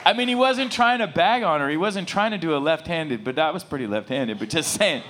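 A middle-aged man preaching a sermon, telling a story with lots of rambling asides and animated bursts. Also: fairly high pitch, a little fast, a little hiss or hum. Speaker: pastor.

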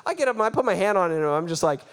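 A man's voice: high voice, rapid-fire, clear, resonant tone. A man preaching a sermon, telling a mission story with laughter and acted-out reactions. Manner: animated, laughing, acts out his own reactions.

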